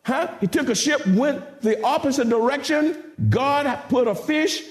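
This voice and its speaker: A male pastor preaching a sermon with dramatic swings, rising to shouts and calling out to the congregation. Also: extremely high pitch, measured pace, roomy sound, faint music behind.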